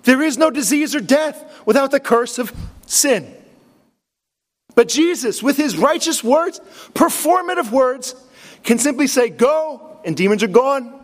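A man, a pastor, preaching a sermon with earnest, emphatic delivery, repeating key phrases and dropping to a low, hushed voice when quoting. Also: lively intonation, a little slow. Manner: drops to a low, hushed voice to quote Jesus.

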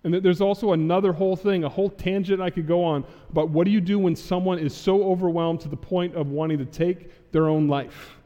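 A man's voice: sits high, steady tone, fairly quick, few pauses, dark tone, in a large hall, dull audio. A man preaching a sermon, acting out Bible figures in casual modern speech. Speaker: pastor. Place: church sanctuary.

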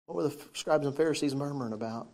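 A preacher delivering a sermon, reading old-style scripture verses aloud and then explaining them with questions to the listeners, moving between loud emphasis and hushed, soft passages. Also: medium pitch, fast talker.

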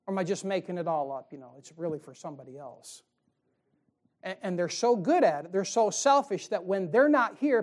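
A man's voice: high-pitched, expressive, fairly quick, darkish tone. A male pastor preaching a sermon in a folksy way, firing rhetorical questions at his congregation.

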